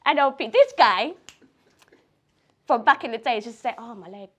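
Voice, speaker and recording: A woman with a fairly high voice chats about her poetry in a loose group discussion. She is animated and playful, laughs a lot, and jumps between thoughts. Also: moderate pace, highs cut off. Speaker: poet.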